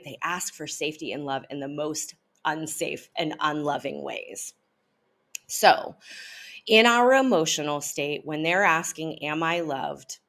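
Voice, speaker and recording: A woman teaching parents in a relaxed, conversational way, often pausing with "um" and checking in with "right?". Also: low voice. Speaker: parenting educator. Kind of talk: explanatory talk to parents.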